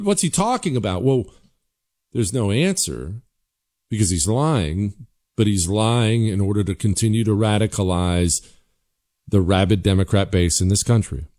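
Male political host, low voice, combative and sarcastic monologue. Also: darkish tone. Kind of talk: opinionated talk-show monologue.

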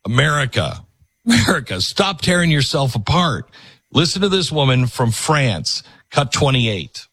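A man's voice: mid-range voice, sing-song, a little slow, a bit bright, husky. A man hosting a talk show, delivering an impassioned, preachy monologue to a studio audience. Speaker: host.

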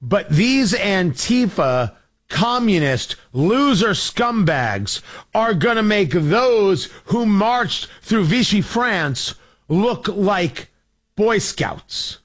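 A man's voice: high-pitched, sing-song, extremely slow. A man hosting a call-in talk radio show, delivering a fiery, sarcastic political monologue.

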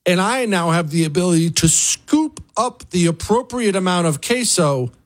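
A man hosting a talk show, ranting in comic mock outrage. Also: moderate pace. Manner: animated, exasperated, mock-outraged, swinging pitch. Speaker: radio host. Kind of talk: comic rant on talk radio.

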